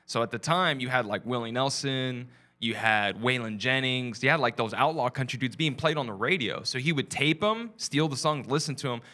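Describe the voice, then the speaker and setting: Man, from Texas, bright voice, animated storytelling, comedian guest. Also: medium pitch, normal speed, hardly any pauses. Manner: animated, acts out quoted voices. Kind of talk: casual storytelling.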